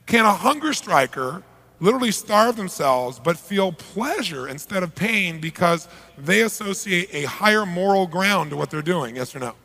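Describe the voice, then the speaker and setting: A man leads a live seminar with energy, throwing questions out to the crowd. His voice sits high and has a gravelly edge, and it echoes around a large hall. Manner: energetic, asks the audience questions. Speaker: motivational seminar speaker.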